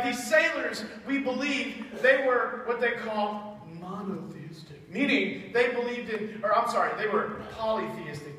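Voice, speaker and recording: A woman teaching a playful Sunday school Bible lesson to children, jokey and animated, swinging from loud bursts to hushed asides. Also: mid-range voice. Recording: echoey hall from far off.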